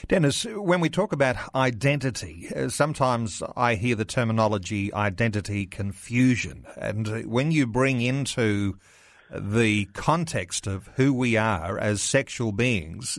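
Measured radio host, dry studio. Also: male voice, medium pitch, lively intonation, no echo. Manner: measured, hesitant with fillers. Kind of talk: interview questions.

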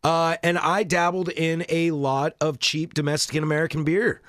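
A man co-hosting a podcast, chatting casually with quick interjections and stories of his own trips. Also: on the high side, flat delivery, fairly bright tone, no room sound, studio quality. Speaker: podcast co-host. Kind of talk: casual chat about beer.

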